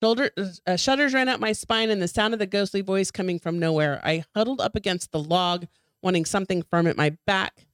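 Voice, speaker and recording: A woman's voice: mid-range voice, a little fast, clear, resonant tone, no room sound, clean studio sound. A woman co-hosting a podcast, reading a ghost story aloud with dramatic flair and the odd small stumble. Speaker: podcast co-host.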